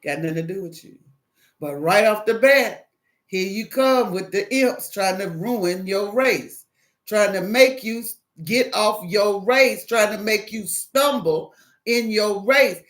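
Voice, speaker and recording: Animated Southern woman preaching casually. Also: medium pitch, slow pace. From American South. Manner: animated and preachy, acts out phone calls. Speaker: Christian single encouraging viewers. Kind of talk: casual devotional talk.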